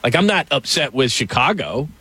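A man co-hosting a casual sports chat show, talking in an animated way and stretching words out when he gets worked up. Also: mid-range voice, slightly rough, no echo. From Los Angeles. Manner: animated, drawn-out emphasis when riled up. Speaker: co-host.

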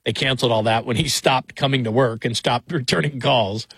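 Husky-voiced man hosting late-night sports radio. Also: mid-range voice, brisk, a bit bright, no room sound. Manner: chatty, rambling, wry asides. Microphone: studio microphone.

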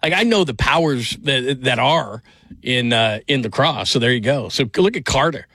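Male radio host, bright and forceful, rambling jokey banter, dry studio sound. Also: mid-range voice, expressive, moderate pace, no room sound. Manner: rambling, jokey, with many restarts. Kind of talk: casual chat.

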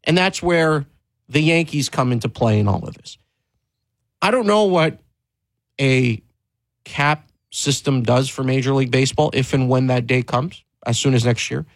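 An emphatic male sports-talk host who speaks his mind bluntly, often restarting phrases and pushing his voice up for stress. His pitch is an ordinary male middle, and the sound is close and dry with no room around it. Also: normal speed, no echo, poor audio. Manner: emphatic and candid, with frequent restarts and rising stress.

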